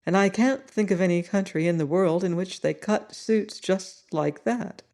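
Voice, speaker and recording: A woman voicing a calm, shrewd male army colonel in an audiobook reading, low and matter-of-fact. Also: moderate pace, lightly acted. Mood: measured.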